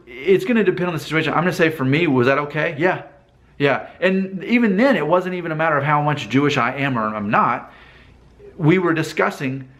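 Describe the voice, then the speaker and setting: Guy vlogging to camera, thinking out loud, lots of rhetorical questions, mid-pitched voice. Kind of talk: casual talking-head commentary.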